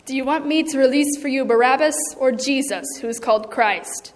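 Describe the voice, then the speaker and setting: A woman reading the part of a stern Roman governor in a liturgical reading, declaiming forcefully. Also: high voice, brisk, long reverb tail, natural voice. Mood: questioning. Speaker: reader of a scripture part.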